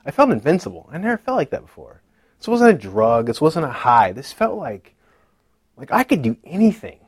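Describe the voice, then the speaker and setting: A man in his thirties telling a personal faith story in a casual, animated way, acting out the people in it. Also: normal speed, husky, dry recording. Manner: animated retelling, acting out dialogue with lively pitch jumps. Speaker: speaker sharing a personal testimony.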